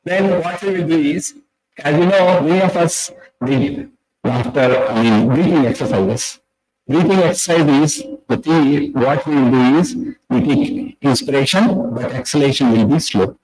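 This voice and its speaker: Man, slightly high voice, chatty conference talk, leads the audience. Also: animated, a little slow, a little mellow, rough recording. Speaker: conference speaker. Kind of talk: conference talk with jokes and group exercise. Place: conference hall.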